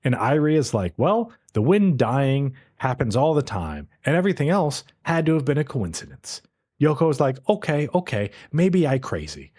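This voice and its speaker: A man co-hosting a podcast, recapping a show episode in an animated, profane, casual way. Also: medium pitch, normal speed. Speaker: podcast co-host.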